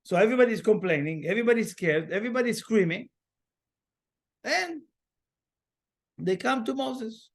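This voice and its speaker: A man's voice: high-pitched, moderate pace, vocal fry, pauses often. A man teaching a class on spiritual matters, talking in loose phrases with restarts and fillers and acting out the voices he quotes. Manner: animated, acts out quoted voices. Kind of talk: lecture to a class.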